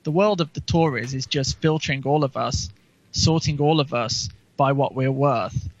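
A man's voice: mid-range voice, normal speed, no echo. A man co-hosting a podcast, chatting casually about politics and rambling with frequent ums and restarts. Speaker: podcast co-host. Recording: dull lo-fi recording.

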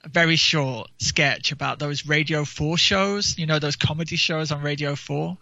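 A man's voice: on the high side, fairly even intonation, moderate pace, gravelly, bright, forceful tone, no room sound. A man co-hosting a casual talk show, rambling and mocking, sometimes mimicking people's voices. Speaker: podcast co-host. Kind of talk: casual chat. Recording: dull lo-fi dry sound.

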